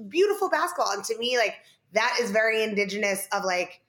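A woman's voice: mid-range voice, sing-song, fairly quick, a bit bright. A woman co-hosting a casual sports podcast, chatty, filling her talk with "like" and "right?". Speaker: podcast co-host.

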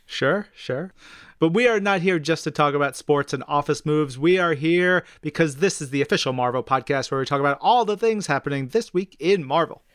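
A man hosting a podcast in casual chat, relaxed and chatty with plenty of fillers. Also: on the high side, fairly quick, clear, resonant tone, no room sound, studio quality. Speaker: podcast host.

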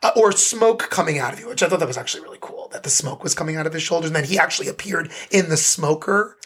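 A man's voice: on the high side, fast, fairly bright tone, slightly rough. A man co-hosting a podcast, chatting enthusiastically and thoughtfully about a play, with frequent restarts. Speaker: podcast co-host. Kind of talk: casual theater review chat.

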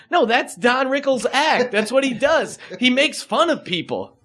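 A man's voice: very high-pitched, expressive, measured pace, fairly bright tone. A man hosting a podcast, ranting in casual chat with sarcastic asides. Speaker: podcast host.

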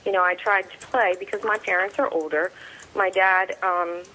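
A middle-aged woman with a voice of ordinary pitch speaks as an interviewee. She recounts events in plain words and acts out each exchange as quoted dialogue. She hesitates often, with fillers and restarts. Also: steady tone, bright, forceful tone, low-quality recording. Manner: halting, with frequent fillers and restarts. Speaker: interviewee, a soldier's mother. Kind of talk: personal storytelling.

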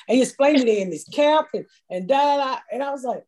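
A middle-aged American woman appears as a guest on a podcast, chatting casually in a high-pitched, mellow voice that moves fast with lively intonation. She tells her stories bluntly and swears a lot.

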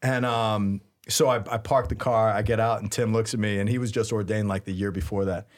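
A man in his thirties, a priest and podcast co-host, telling a story in a lively, laughing way. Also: lowish voice, a little fast. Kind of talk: casual storytelling chat.

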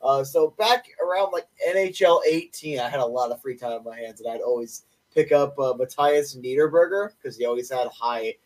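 A young man co-hosting a sports podcast, running through stats in an enthusiastic, opinionated way. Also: mid-range voice. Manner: enthusiastic, opinionated, quick stat rundowns. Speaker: podcast co-host. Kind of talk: casual sports podcast chat. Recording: voice a bit distant from mic.

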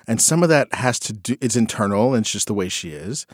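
A man in casual conversation, musing reflectively and recounting a story about his kids, getting animated when he quotes them. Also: fairly low pitch, a little fast, dry recording, clean studio sound. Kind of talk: casual chat.

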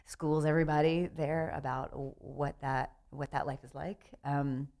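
This playwright guest from the Southern United States speaks warmly in a low voice that barely moves in pitch, at a moderate pace. She's chatting animatedly in a casual interview, often laughing and starting her sentences over.

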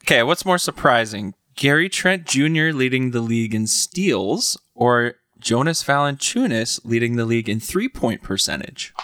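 Bright, lively-voiced man, dry sound. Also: mid-range voice, normal speed, hardly any pauses, no room sound. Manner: playful, quizzing his friends. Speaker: podcast co-host. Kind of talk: casual sports chat.

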